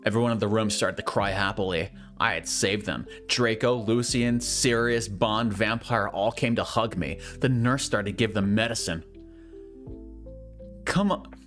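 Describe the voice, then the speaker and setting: A man doing a comedic dramatic reading of bad fanfiction, with mocking deadpan asides. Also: normal speed, few pauses, faint music behind. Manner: swears and jumps into shrill high voices for quotes. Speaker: fanfiction reader.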